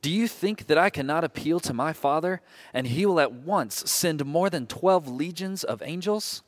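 Man reading scripture with lively pitch. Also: normal speed. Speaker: scripture reader. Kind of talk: liturgical group reading.

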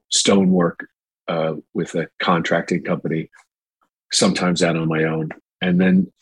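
A man in his sixties from New York, an actor telling his life story in a relaxed, rambling way with many fillers. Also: low-pitched, breathy edge, no room sound, poor audio. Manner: relaxed, rambling with fillers, mimics quoted voices. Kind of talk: storytelling in a casual interview.

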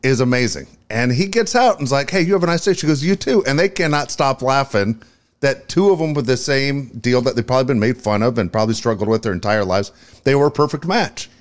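A man's voice: medium pitch, expressive, fairly quick. A middle-aged man co-hosting a podcast, telling stories in casual chat with crude language and laughter. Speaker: podcast co-host.

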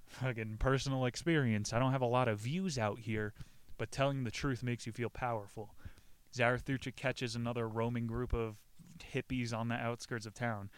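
A man's voice: mid-range voice, clean tone, no echo. A man giving a casual, profane book recap, often laughing at his own jokes. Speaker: book summarizer.

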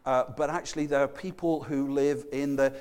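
A man's voice: mid-range voice, steady tone, normal speed, a little mellow, clear, resonant tone. A middle-aged man preaching a conversational sermon, chatty and self-deprecating, with frequent restarts and stammered repeats. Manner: chatty, self-deprecating, acts out everyday voices.

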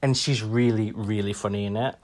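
A man co-hosting a podcast in casual, self-mocking, expressive chat. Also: lowish voice, a little fast. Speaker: podcast co-host.

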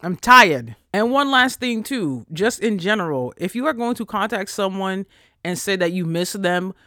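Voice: fairly bright tone, no room sound. Solo podcast host, young adult, blunt sassy ranter with a mid-range voice, dry close sound. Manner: blunt, profane and sassy, with big swings in pitch. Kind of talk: casual ranting monologue.

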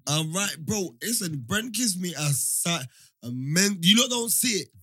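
Podcast host, bright edgy voice, jokey and teasing. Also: male voice, sits high, lively intonation, unhurried. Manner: teasing joker, puts on voices in his stories. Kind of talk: casual chat.

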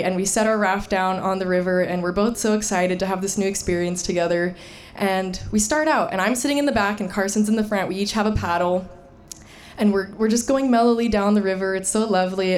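A young woman telling a personal story to an audience, animated and laughing, with fillers and restarts. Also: medium pitch. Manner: animated, laughing, shouting the quoted lines.

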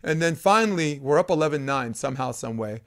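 A man, a volleyball coach, telling a long animated story in a casual chat, acting out what people said. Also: a little high, fairly quick. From United States. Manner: animated storyteller, acts out quoted lines. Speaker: podcast guest, volleyball coach.

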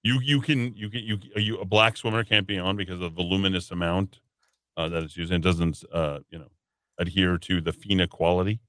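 Male talk radio host, low bright voice, sarcastic asides, dry studio sound. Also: steady tone, fairly quick, no echo. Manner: reads headlines then adds sarcastic asides. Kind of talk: casual talk radio, reading news.

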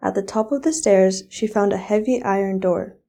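A teenage girl reading a fairy tale aloud in an expressive storybook style. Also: medium pitch, normal speed, vocal fry. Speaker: student reader.

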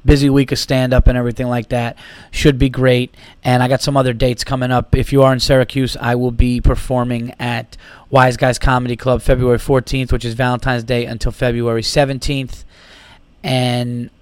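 A man's voice: medium pitch, clear, resonant tone, no echo. A man in his thirties hosting his own comedy podcast, tired and a little sick, rambling and swearing with giddy energy. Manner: rambling, profane, giddy riffing. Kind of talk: casual solo podcast monologue.

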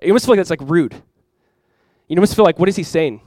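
A young man preaching a sermon as a pastor, conversational and animated, acting out quotes and laughing often. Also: a little high, brisk, no echo.

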